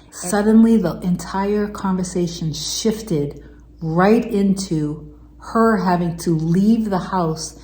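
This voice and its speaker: A woman with a lowish voice speaks earnestly to her viewers, piling up affirmations one after another. Her talk is heartfelt and emotional, recorded in an echoey room. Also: slow pace, mellow. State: tearful, emotional. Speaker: manifestation coach.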